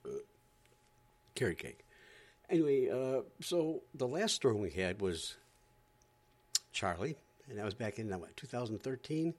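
A man's voice: mid-range voice, sing-song, a little slow, pauses often, darkish tone. A man from Florida doing a sarcastic, exasperated stand-up rant. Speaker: comedian.

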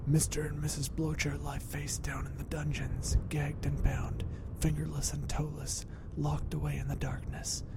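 A man voicing a scheming, murderous young duchess in a hushed, conspiratorial way that sometimes turns to a hiss. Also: level tone, normal speed, lightly acted. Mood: whispering. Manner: hushed, conspiratorial, hissing at times. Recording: rumbling background noise.

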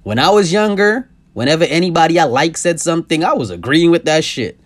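A young man hosting a podcast, ranting casually and profanely, his voice swinging from loud outbursts to low asides. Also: lively intonation, brisk. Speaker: podcast host. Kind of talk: casual comedic rant.

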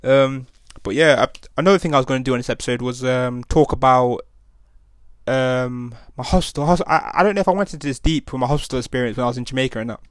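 A man's voice: mid-range voice, quick pace, dry recording, studio quality. A young man, hosting a podcast and telling a rambling story in slang, full of restarts and tag questions. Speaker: podcast host. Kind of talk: casual storytelling monologue.

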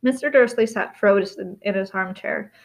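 A woman reading a novel aloud in steady storytelling, with small slips and restarts. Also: mid-range voice, normal speed, gravelly. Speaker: reader.

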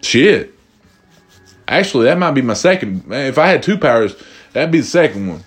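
A young man casually telling stories to his audience, animated and profane, acting out the voices of the people he quotes. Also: mid-range voice, moderate pace, breathy edge, soft background music. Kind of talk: casual storytelling monologue.

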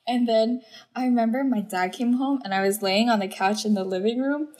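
A young woman tells a story on a casual podcast with a slightly high voice. She talks in an animated way and laughs often as she goes. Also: a little fast. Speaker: podcast co-host.

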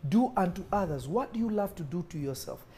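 Emphatic preacher with a mellow, raised voice. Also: male voice, high voice, expressive, brisk. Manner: emphatic and repetitive, with call-and-response questions. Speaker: preacher and prophet. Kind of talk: sermon to a responsive congregation.

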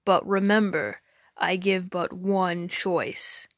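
A woman voicing a huge, ancient male giant lord who speaks slowly and commandingly. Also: fairly even intonation, no echo, studio quality. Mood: stern. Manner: slow, booming, commanding.

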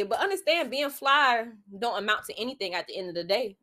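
A woman's voice: fairly high pitch, animated, fairly quick, hardly any pauses, bright, forceful tone. A young woman, hosting a solo podcast and giving candid, preachy advice full of "like" fillers. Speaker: podcast host.

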